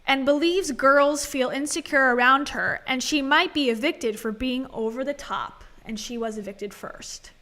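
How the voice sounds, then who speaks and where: Woman co-host, casual and sarcastic, bright and a bit high. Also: unhurried, hardly any pauses. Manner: dry, sarcastic asides. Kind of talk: casual livestream commentary.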